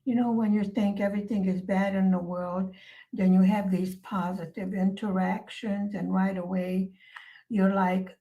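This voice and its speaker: Woman vlogger, casual chat, slow and soft-spoken, mid-range pitch. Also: flat delivery, low-quality recording. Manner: soft-spoken and musing, with many pauses and fillers. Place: lives in Hungary.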